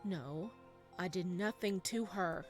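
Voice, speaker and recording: A woman's voice: on the low side, slow, soft background music. A woman voicing a troubled young man who pleads in a shaken, anxious way, reading a visual novel aloud. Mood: tormented.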